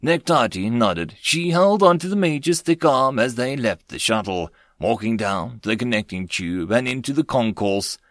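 A man narrating a web-novel audiobook in an expressive storytelling manner, close to the mic. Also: mid-range voice, normal speed, few pauses, no room sound.

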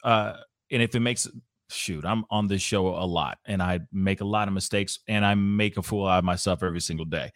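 A man's voice: low voice, a little fast, a bit bright, no echo, studio quality. A man hosting a casual interview show, laid-back and slangy, joking as he corrects himself. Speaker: podcast host. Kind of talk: casual chat.

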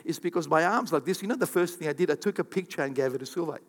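Pastor, male, high-pitched, animated preaching in a reverberant church hall. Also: very fast. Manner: animated, acts out quoted voices, repeats for emphasis. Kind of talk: sermon.

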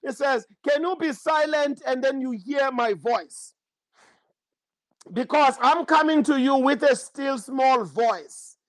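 High-pitched male preacher, fervent prophetic delivery, dry close sound. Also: slow pace, dry recording, poor audio. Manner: fervent, repeats praise phrases. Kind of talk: prophetic sermon and prayer.

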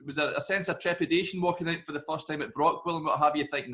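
Male interview host, fast eager questioner, slightly high voice, casual tone. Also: fairly even intonation, sharp tone. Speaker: podcast host.

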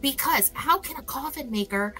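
A woman playing a tabletop game, joking and self-mocking in a casual, quick manner. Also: high voice, animated, pushed and bright, faint music behind. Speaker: player.

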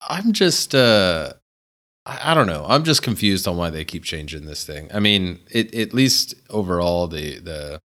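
Deep-voiced laid-back male co-host. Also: fairly bright tone. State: a little sick. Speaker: podcast co-host. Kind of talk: casual gaming podcast chat.

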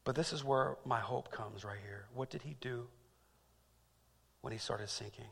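A man preaching a sermon as pastor, dropping to quiet reflection and rising to loud, repeated calls. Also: mid-range voice, normal speed, creaky, slightly rough, big-room sound. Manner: swings from hushed to loud and emphatic; repeats phrases for emphasis.

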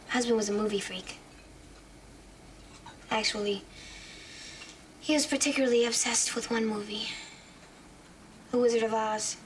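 A woman's voice: on the high side, a little hiss or hum, close to an everyday voice. An actress playing an odd young woman on a date who confides a strange story and giggles as she talks, in a film scene. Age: young adult. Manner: chatty, confiding, breaks into giggles. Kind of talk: film dialogue.

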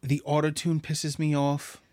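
A man's voice: a little high, completely flat delivery, unhurried, mellow, dry recording. A man co-hosting a podcast, chatting casually about songs with blunt, dry, short verdicts and the odd swear. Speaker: podcast co-host. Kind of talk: casual chat about music.

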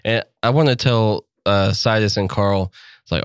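A man's voice: on the low side, moderate pace, clean tone, no echo, studio quality. A man playing a tabletop game, casually talking through tactics and plans for the group. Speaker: player.

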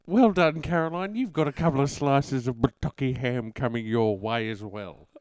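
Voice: mid-range voice, moderate pace, darkish tone, no room sound. Rambling comedy podcast host. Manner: jokey, rambling, mock-radio patter. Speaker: podcast co-host playing a radio host. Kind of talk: improvised comedy radio bit.

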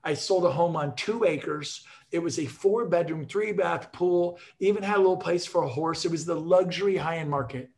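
On a video call, a man with a fairly high voice talks to agents at a normal speed with few pauses. He tells his sales stories as a motivational talk, punchy and emphatic, full of energy and jokes.

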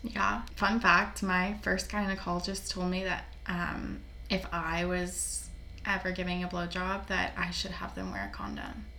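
A woman's voice: lowish voice, flat delivery, unhurried, gravelly, bright, forceful tone. A young woman co-hosting a podcast in casual chat, giggly and chatty with plenty of filler words. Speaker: podcast co-host. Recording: echoey room with faint background noise.

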